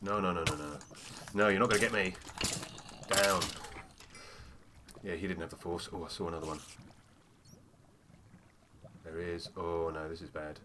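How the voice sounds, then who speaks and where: A man's voice: sits low, steady tone, moderate pace, pauses often, background noise. A man giving casual let's-play commentary, chatty and full of "oh dear" asides. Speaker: gamer.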